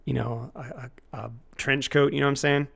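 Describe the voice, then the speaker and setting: Male streamer, gravelly mid-range voice, loose jokey rambling with chat. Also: mid-range voice, steady tone, a little fast, a bit bright. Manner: joking and rambling, laughs at his own lines. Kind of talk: casual live-stream chat with viewers.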